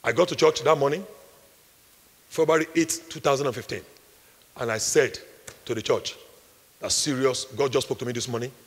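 Man, Nigerian accent, pastor, emphatic sermon, gravelly husky voice. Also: medium pitch, moderate pace, pauses often. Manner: preaching with emphatic repetition, rising to shouts. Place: large hall at a retreat. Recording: echoey hall, long reverb.

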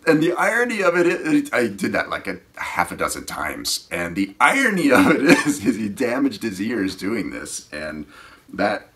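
A man with a lowish voice and a bright, forceful edge, telling a casual story as a scuba instructor. He rambles, restarts and often lets his sentences trail off quietly. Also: huge pitch swings, moderate pace.

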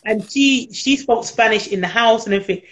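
A woman's voice: on the high side, a little fast, fairly bright tone. A British woman chatting about her work as a nanny in an interview, laughing often and acting out what people said. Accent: British English. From United Kingdom. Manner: chatty, laughs often, acts out quoted voices. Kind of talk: casual interview chat.

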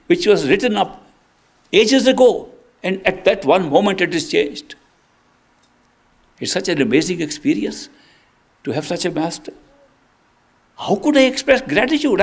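An older man, a spiritual teacher, giving a devotional discourse in an earnest, reflective storytelling manner that swings between soft and emphatic. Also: sits high.

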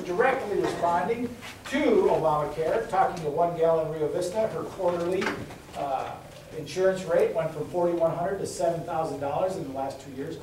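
A man's voice: a little high, moderate pace, a little mellow, slight background noise. A middle-aged man giving a campaign speech as a candidate, telling folksy stories and repeating his points for emphasis. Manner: folksy storytelling with emphatic repetition. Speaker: congressional candidate. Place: indoor meeting room. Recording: echoey room, recorded from far off.

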